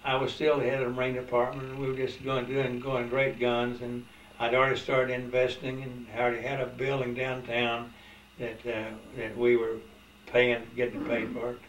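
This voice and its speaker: A man's voice: medium pitch, monotone, fairly bright tone. Older man, hesitant storyteller, distant mic, roomy sound with a faint hiss. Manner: halting, full of uh and restarts. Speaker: interviewee. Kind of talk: reminiscing in a family interview.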